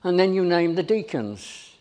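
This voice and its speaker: A man's voice: high-pitched, expressive, normal speed, darkish tone. A middle-aged man preaching a sermon, full of emphatic, repeated rhetorical questions.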